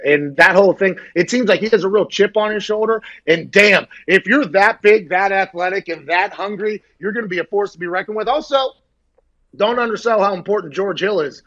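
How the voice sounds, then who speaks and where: Excitable high-voiced sports host man. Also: brisk, dull audio. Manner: excitable, rambling, joking. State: short on sleep. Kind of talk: casual sports talk.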